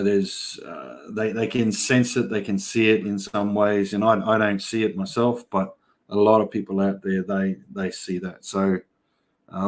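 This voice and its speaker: A middle-aged Australian man talks casually on a livestream, answering viewers by name and spinning loose, chatty stories. His voice sits a little low. He has an easygoing, yarning manner. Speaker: livestream host. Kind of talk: casual livestream chat reading comments.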